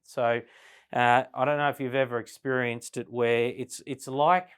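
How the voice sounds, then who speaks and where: A man leads a business lesson in a relaxed, conversational way. He keeps checking in with his listeners with "right?" and shifts his speed and loudness to show how tone changes meaning. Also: mid-range voice, clean tone. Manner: conversational, frequent "right?" tag questions; slows down and varies volume to demonstrate tone. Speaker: business sales trainer. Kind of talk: classroom lecture at a flip chart.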